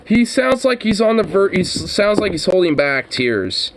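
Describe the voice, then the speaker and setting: A man's voice: high-pitched, big pitch swings, moderate pace, slight background noise. A man streaming a profane, mocking reaction to a news clip, exasperated and swearing heavily.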